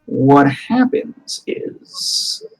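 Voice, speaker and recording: Rambling male game master, slightly high voice. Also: huge pitch swings, extremely slow, slightly rough, low-quality recording. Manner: rambling, many fillers and restarts. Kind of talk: narrating a tabletop game.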